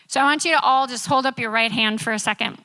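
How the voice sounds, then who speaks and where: A woman's voice: a little high, quick pace, bright, forceful tone. A young woman preaching a casual, chatty youth sermon who keeps checking in with the room. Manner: casual, chatty, often asks the room "right?". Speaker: youth speaker. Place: youth service in a church building.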